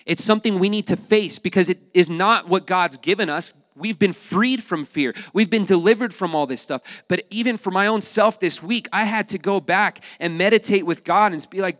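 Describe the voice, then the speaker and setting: A man preaching a sermon to his congregation, animated and addressing them directly, acting out voices as he goes. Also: high voice, brisk, hardly any pauses, no echo, studio quality, in a large hall. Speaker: pastor.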